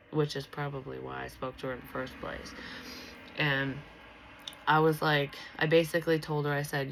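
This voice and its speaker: A woman's voice: low voice, steady tone, moderate pace, creaky, a bit bright, slight background noise, rough recording. A young woman vlogger telling a personal story in a blunt, casual way, swearing freely and restarting her sentences. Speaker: psychic medium vlogger.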